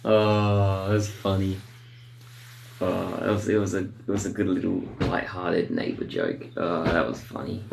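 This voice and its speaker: A man's voice: low-pitched, sing-song, normal speed, creaky, few pauses, background noise. A man casually telling a funny anecdote in a chatty, rambling way. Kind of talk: casual storytelling.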